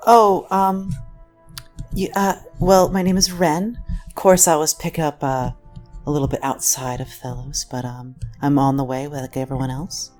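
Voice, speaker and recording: A woman's voice: low voice, steady tone, unhurried, darkish tone, soft background music. A woman playing a tabletop game, introducing her character with hesitant fillers. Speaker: player.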